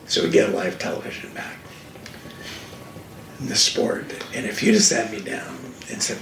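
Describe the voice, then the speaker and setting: An older man, a racing TV commentator appearing as a guest, tells stories with animated emphasis in a casual fireside chat. His voice sits on the low side and is creaky, at normal speed with frequent pauses, and the distant mic in an echoey room picks up faint hiss.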